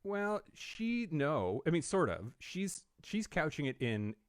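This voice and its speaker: Wry podcast man with lively pitch. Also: slow, no room sound, studio quality. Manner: wry, reads news quotes, frequent fillers. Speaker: podcast co-host. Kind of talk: casual news chat. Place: studio.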